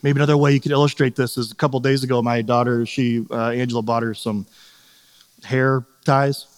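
A man's voice: medium pitch, level tone, fairly quick, smooth, big-room sound. A middle-aged man preaching a sermon in a casual, conversational way, often checking in with "right?" and acting out little scenes. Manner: conversational, asks "right?" often, acts out quotes. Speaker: pastor.

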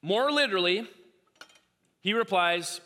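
A man preaching a sermon, animated and repeating himself as he acts out quoted voices. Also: high-pitched, unhurried. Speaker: pastor. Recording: long hall reverb.

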